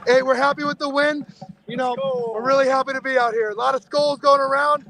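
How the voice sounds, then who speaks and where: Hoarse, high-pitched excited fan. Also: male voice, fairly quick, a little hiss or hum, low-quality recording. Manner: excited, upbeat. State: nearly lost his voice from cheering. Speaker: fan calling in from outside the stadium. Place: outdoors by a stadium in the cold.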